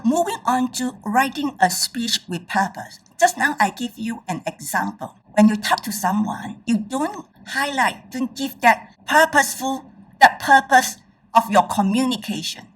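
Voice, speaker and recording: A woman's voice: fairly high pitch, animated, measured pace, a bit bright, recorded from a distance, low-quality recording. A woman giving a presentation on public speaking as a trainer. She speaks emphatically and keeps checking in with her audience.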